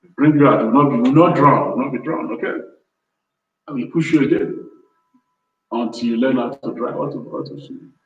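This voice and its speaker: A man's voice: medium pitch, fairly quick, long pauses. A man hosting a business show, giving a motivational talk in a repetitive, pleading way. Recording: distant, roomy, dull sound.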